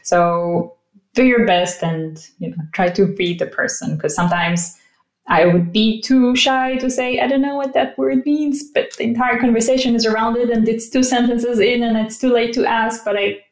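A woman's voice: a little high, steady tone, normal speed. A young woman from Israel, a Hebrew speaker, chatting thoughtfully on a podcast panel with light teasing humor. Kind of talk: casual chat. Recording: roomy echo.

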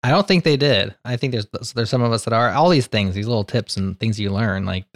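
A man hosting a podcast, telling stories in a casual, animated, joking way. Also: on the low side, no echo. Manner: animated storyteller, quick and joking. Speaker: podcast host. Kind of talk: casual panel chat.

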